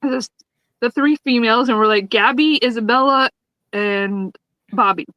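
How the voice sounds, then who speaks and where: Animated, laughing woman recapping a sitcom. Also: on the high side, moderate pace, no echo, poor audio. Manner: animated, laughs often, acts out lines while retelling scenes. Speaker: podcast co-host. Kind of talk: casual chat recapping a sitcom.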